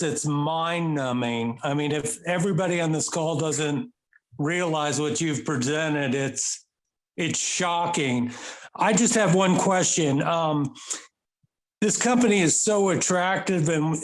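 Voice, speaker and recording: A man on a group call asking a question, effusive and hesitant, repeating himself as he speaks. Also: a little high. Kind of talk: casual call participant.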